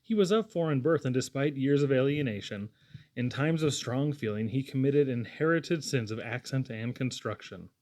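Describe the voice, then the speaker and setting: A man with a mid-range voice reads a chapter of a classic novel as an audiobook narrator, giving a measured, expressive scripted narration.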